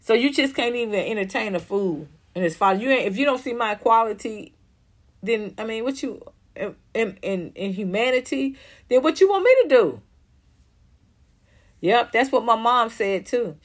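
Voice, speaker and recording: A woman's voice: on the high side, normal speed, fairly bright tone. A woman hosting a livestream in a casual commentary style. She reads viewer comments aloud and answers them bluntly and emphatically, with plenty of profanity. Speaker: livestream host reading chat comments.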